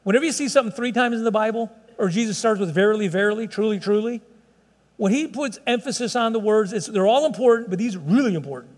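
High-voiced pastor preaching in a reverberant hall. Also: male voice, fast talker, a little mellow. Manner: earnest, pleading, with frequent restarts. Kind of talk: sermon.

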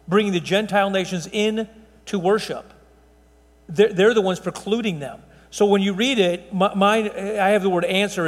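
A man's voice: high-pitched, big-room sound. A man preaching a conversational Bible-teaching sermon, emphatic, with fillers and restarts. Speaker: pastor.

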